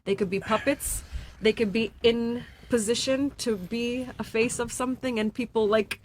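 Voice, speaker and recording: A woman on a debate panel giving her view earnestly, with pauses and some restarts. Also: fairly high pitch, fairly even intonation, a little hiss or hum. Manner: earnest, halting. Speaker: panel guest. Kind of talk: debate talk.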